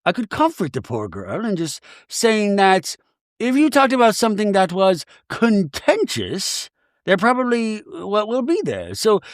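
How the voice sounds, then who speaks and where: A man voicing an aloof, icy reality-TV woman who talks slowly and deadpan. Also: high voice, no room sound, clean studio sound, pitched above the performer's own voice, heavily acted. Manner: slow, drawn-out, deadpan.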